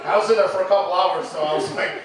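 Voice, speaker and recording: Stand-up comic, man from Illinois, high voice, casual rambling delivery, taped far off in an echoey room. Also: a loud crowd. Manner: casual storytelling with many fillers and quick acted quotes. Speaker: stand-up comedian. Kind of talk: stand-up comedy set. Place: live comedy venue.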